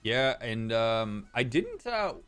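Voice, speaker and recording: A man's voice: mid-range voice, big pitch swings, slow pace, a bit bright, smooth, faint music behind. A man, a therapist chatting casually on a live stream, reading out chat messages and joking with viewers. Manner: joking, reads chat messages aloud and replies.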